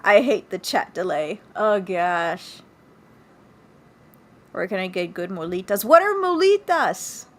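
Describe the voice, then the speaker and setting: A woman's voice: lowish voice, takes it slowly, long pauses. A young woman hosting a livestream interview, chatting casually and laughing often. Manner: giggly, animated storytelling. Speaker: livestream host.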